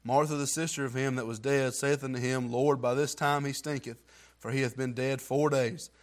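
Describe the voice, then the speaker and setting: A man's voice: medium pitch, fairly even intonation, moderate pace. A man reading scripture aloud and giving an earnest, heartfelt testimony in plain everyday grammar. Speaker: church member giving testimony.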